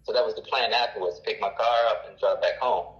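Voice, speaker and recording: A man's voice: on the low side, a bit bright, roomy sound. Man rambling on a muffled line. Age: around 40. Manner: rambling, halting with many fillers and restarts. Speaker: caller. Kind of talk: casual storytelling.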